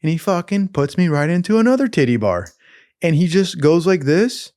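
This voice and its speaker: A man's voice: on the high side, moderate pace, dry recording, studio quality. A man telling wild stories in a casual, profane, rambling way, full of slang and asides. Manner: profane, animated, slangy with "dude". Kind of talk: casual storytelling.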